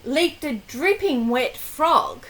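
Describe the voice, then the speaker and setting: Slow, animated older grandmother reading aloud. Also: sits high, low-quality recording. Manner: slow, animated, with gasps and questions to the child. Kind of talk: reading a picture book to a grandchild.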